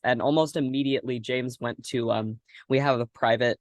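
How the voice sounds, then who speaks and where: A man's voice: medium pitch, steady tone, fairly quick, hardly any pauses, no echo. A young man hosting a casual podcast chat, giggly and rambling with lots of fillers. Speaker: podcast host.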